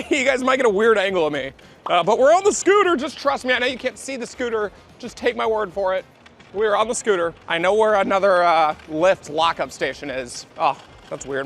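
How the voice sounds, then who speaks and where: A man with a high voice talks fast into a handheld camera. He sounds excitable, piles up exclamations and thinks out loud as he vlogs. He seems to be outdoors on a rainy street. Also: a little hiss or hum. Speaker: vlogger playing a travel hide-and-seek game. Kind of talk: excited vlog narration to camera.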